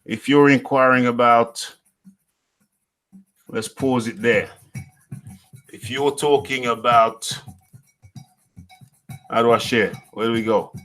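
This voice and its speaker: A man's voice: medium pitch, steady tone, slow pace, pauses often, a bit bright, soft background music. A man from the UK hosting a live show, reading out the chat in a playful, repetitive way and chuckling often. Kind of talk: casual live-stream chat.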